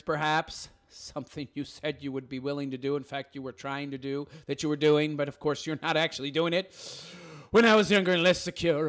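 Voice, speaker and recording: A commentary channel host with a fairly high, fairly bright voice reacts to a text, reading it aloud and mocking it. His delivery is sarcastic, crude and derisive.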